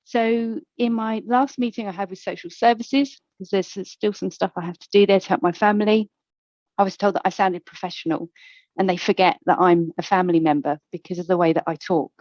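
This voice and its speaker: A woman's voice: mid-range voice, fairly even intonation, a little fast, darkish tone, no room sound. Playful woman telling a candid story. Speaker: conference panel speaker. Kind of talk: personal story at a conference. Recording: dull, dry lo-fi recording.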